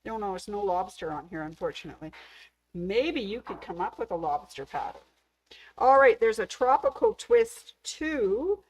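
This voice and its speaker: A woman's voice: mid-range voice, big pitch swings, normal speed, poor audio. Chatty woman hosting a sewing demo. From Canada. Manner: chatty and enthusiastic, gushing over cute things. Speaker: sewing store host. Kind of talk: casual show-and-tell demo.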